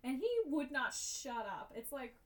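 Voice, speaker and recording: Casting note: woman podcast co-host, high bright voice, a little off-mic, animated storyteller. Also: unhurried, recorded from a distance. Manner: animated storytelling, laughs often, swears. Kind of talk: casual chat.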